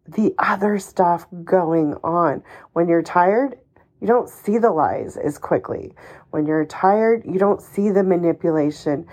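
A woman hosts her own advice podcast, speaking at an unhurried, deliberate pace. She is emphatic and encouraging, a little ranty at times, and drops a casual swear word now and then. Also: lowish voice, a little mellow. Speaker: podcast host. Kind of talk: solo podcast advice monologue.

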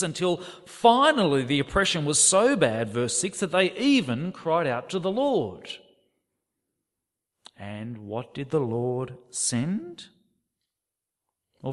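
A man preaching a sermon, reading scripture aloud with dramatic expression. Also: on the high side. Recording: long hall reverb.

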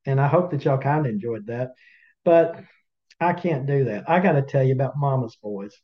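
A man's voice: mid-range voice, lively intonation, normal speed, lo-fi sound. A man with a Southern US accent, a podcast co-host telling a folksy story to listeners in a drawling, chatty way with teasing asides. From Southern United States.

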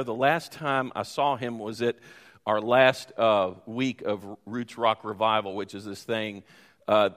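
A man's voice: mid-range voice, fairly bright tone. A middle-aged man preaching a sermon, telling a long personal story with many fillers and restarts. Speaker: pastor. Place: church sanctuary. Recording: long hall reverb.

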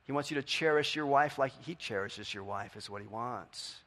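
A middle-aged man preaching a sermon in a conversational way, asking the congregation questions and swinging from quiet to loud. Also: medium pitch, moderate pace. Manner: conversational, asks the audience questions. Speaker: pastor.

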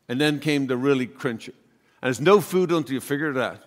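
Halting, chatty priest in a reverberant church. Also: male voice, a little high, fairly bright tone. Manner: chatty, halting, acts out voices in his story. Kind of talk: homily with personal storytelling. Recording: long hall reverb.

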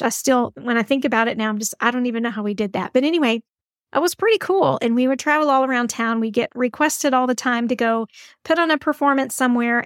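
Chatty woman, fairly high voice. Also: dry recording, clean studio sound. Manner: chatty, encouraging, emphatic. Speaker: podcast host. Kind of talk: casual advice podcast.

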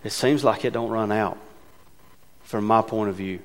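A man's voice: lowish voice, fairly even intonation, moderate pace. A man preaching a sermon from the pulpit, talking conversationally and with emphasis, asking his congregation rhetorical questions. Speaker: pastor. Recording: long reverb of a large hall.

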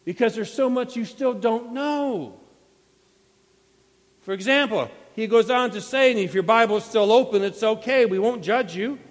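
High-voiced pastor preaching in a reverberant hall. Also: male voice, normal speed. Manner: dramatic retelling with acted quotes. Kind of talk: sermon. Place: church sanctuary.

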